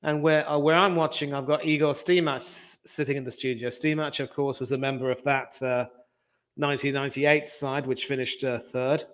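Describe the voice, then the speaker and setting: A man hosting a football watch-along over a video call, talking in a measured, thoughtful way with frequent pauses. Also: mid-range voice, steady tone, a bit bright. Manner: measured, thoughtful, hesitant with fillers. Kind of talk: casual match chat over video call.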